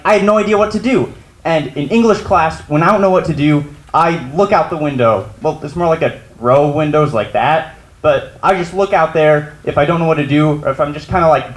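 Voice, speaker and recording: A teenage boy tells a story on a school stage in a casual, chatty way, full of likes and you knows. His voice sits a little high for a man. The sound is roomy, with the echo of a hall around it. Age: teens. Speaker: student storyteller. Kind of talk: personal story at a live story slam.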